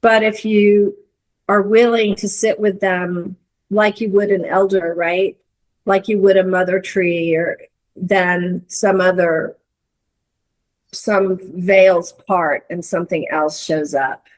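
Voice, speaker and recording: A middle-aged woman, a guest in a conversation, telling a reflective story with many restarts and searching pauses. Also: mid-range voice, fairly even intonation, low-quality recording. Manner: earnest, searching, lots of hedges and restarts. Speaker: interview guest.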